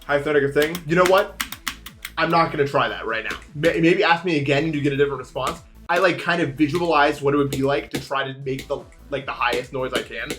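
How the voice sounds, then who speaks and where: A young man streaming, chatting casually with viewers in a rambling, animated way. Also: mid-range voice, fast, faint music behind. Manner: rambling, animated, swings into shouting.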